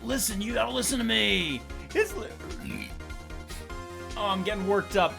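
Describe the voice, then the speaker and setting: A woman voicing a nervous, goofy young man who rushes and stammers as he pleads, read aloud from a video game with music behind. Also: mid-range voice, sing-song, gravelly. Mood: urgent.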